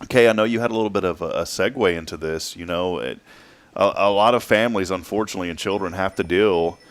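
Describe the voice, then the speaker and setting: A man's voice: sits low, quick pace. A man hosting a morning show, joking and riffing through a news roundup. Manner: jokey, playful, riffs on the news. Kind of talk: casual chat and news roundup.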